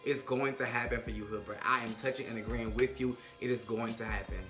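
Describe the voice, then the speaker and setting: A man giving sassy, animated recap commentary on a reality show, sometimes heartfelt. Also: mid-range voice, a little fast, soft background music.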